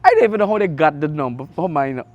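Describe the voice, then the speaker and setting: A middle-aged man with an Antiguan accent, a radio sports host telling stories in an interview, animated with big jumps in his voice. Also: a little high, fast talker, lo-fi sound. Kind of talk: conversational interview storytelling.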